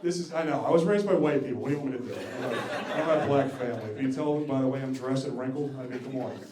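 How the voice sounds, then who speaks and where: A man's voice: mid-range voice, fast. A male comedian doing a stand-up set on a club stage, profane and self-deprecating as he teases the crowd. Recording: echoey club room.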